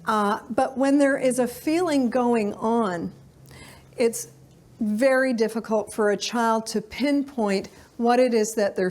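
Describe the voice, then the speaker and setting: This middle-aged woman's voice sits on the high side and is a little mellow. She gives a live parenting lecture in a conversational way, using frequent fillers and now and then imitating the things kids say.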